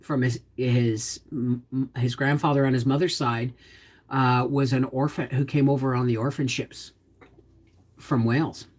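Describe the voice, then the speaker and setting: A woman's voice: a bass voice, steady tone, a little slow, darkish tone. A woman hosting a casual livestream, chatting in a folksy, down-to-earth way while explaining cooking and gardening and answering viewers. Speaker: homestead channel host.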